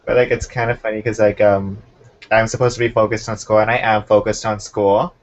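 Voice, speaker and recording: A young man hosting a casual chat, relaxed and talkative, keeping an eye on the time. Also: on the low side, brisk. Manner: relaxed, chatty, keeps time. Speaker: podcast host. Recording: muffled lo-fi recording.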